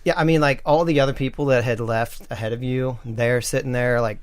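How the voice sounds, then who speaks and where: Young man, game master, casual, rambling, fillers, mid pitch. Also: steady tone, a little fast, smooth. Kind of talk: narrating a tabletop game.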